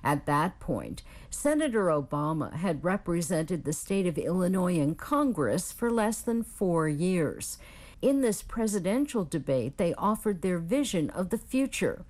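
Low-voiced woman news reporter. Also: animated, unhurried, darkish tone.

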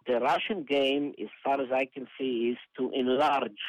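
A male analyst, giving measured commentary in a news interview, pausing often with "uh". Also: mid-range voice, fairly even intonation, no echo. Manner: measured, hesitant with many uhs. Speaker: analyst guest. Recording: dull lo-fi phone-like line.

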